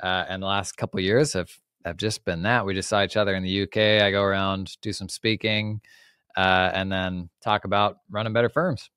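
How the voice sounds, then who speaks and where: A man in his forties from the United States talks as a podcast guest over a video call, relaxed and chatty, with plenty of "like"s. His voice is smooth and clear, and it sounds dry and close with no room echo. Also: low-pitched, normal speed. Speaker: podcast guest, former firm owner. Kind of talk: casual interview talk.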